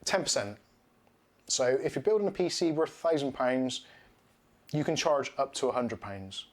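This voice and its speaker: A man's voice: medium pitch, lively intonation, normal speed. A man, hosting a casual livestream while building a computer. He talks frankly, in a chatty way, and laughs often. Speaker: streamer building a PC.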